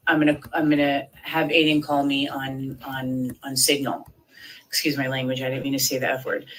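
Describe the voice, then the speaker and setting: A woman's voice: sits low, low-quality recording. A woman in her thirties giving a rambling, filler-heavy account in an interview, acting out the voices of people she quotes. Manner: rambling, many fillers, acts out quoted speech. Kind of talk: recounting events in an interview.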